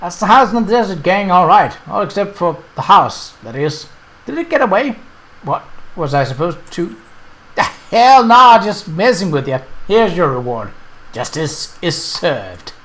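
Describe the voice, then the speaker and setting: Man, let's play commentary, reads game text aloud, chatty, self-correcting, fairly high voice, animated pitch. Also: moderate pace.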